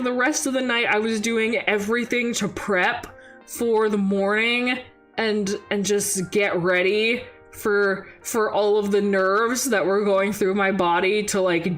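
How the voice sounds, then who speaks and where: Young woman streamer telling a story, animated, voice jumps way up for quotes, laughs a lot, faint music under it. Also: measured pace. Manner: animated, jumps high when quoting people, laughs often. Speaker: VTuber streamer. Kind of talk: casual storytelling chat.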